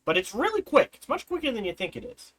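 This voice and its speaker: A man's voice: extremely high pitch, huge pitch swings, fast, a bit bright, husky, rough recording. A man in his forties giving casual, rambling gameplay commentary, often restarting and correcting himself. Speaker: let's play host.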